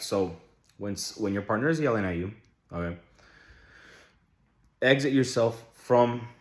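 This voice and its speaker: A young man vlogging casual relationship advice, blunt and full of swearing, who keeps asking his viewers rhetorical questions. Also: medium pitch. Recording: echoey room.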